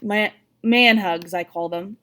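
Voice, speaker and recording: A plainspoken detective uncle, firm and relieved, as a woman reads him aloud. He speaks evenly at a middle pitch, close to the reader's own voice. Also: takes it slowly, fairly bright tone.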